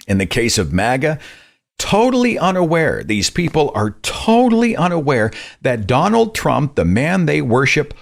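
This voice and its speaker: A man hosting a podcast, giving indignant, sarcastic commentary and mocking the views he criticizes. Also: medium pitch. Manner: sarcastic, indignant, mocks others' voices. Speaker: podcast host. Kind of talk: opinionated commentary.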